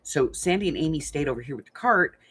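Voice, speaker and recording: An older woman hosting a craft channel, chatting casually as she tells a story with lots of fillers and animated retelling. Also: low-pitched, fast talker, breathy edge.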